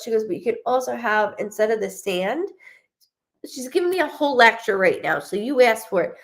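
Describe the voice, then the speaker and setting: Young woman, medium at a live reading, gravelly fry, chatty and animated. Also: a little high, normal speed. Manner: chatty, animated, laughs often, quotes the spirit in a lively voice. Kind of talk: live psychic reading, casual chat.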